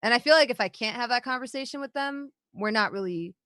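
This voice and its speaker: A woman's voice: a little high, fast, pushed and bright, no echo, clean studio sound. A woman co-hosting a podcast in casual chat, blunt and candid, swearing freely. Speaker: podcast co-host.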